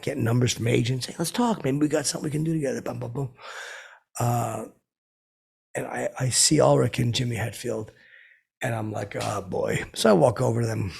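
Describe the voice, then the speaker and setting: A middle-aged man spins a rambling comedic tale, boastful and full of stammers and restarts. His voice is heavily gravelly and raspy, sitting at an ordinary pitch. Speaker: comedic character host telling stories.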